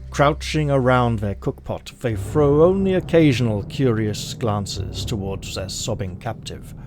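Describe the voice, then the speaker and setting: A man reading a solo gamebook aloud with measured, dramatic narration and commenting on his choices as he plays. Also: medium pitch, animated, darkish tone, a little hiss or hum. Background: music.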